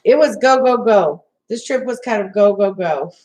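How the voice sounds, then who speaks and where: A woman's voice: medium pitch, lively intonation, moderate pace, a little mellow, poor audio. Teasing woman co-hosting a live stream. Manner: teasing, reads out chat. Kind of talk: casual live stream chat.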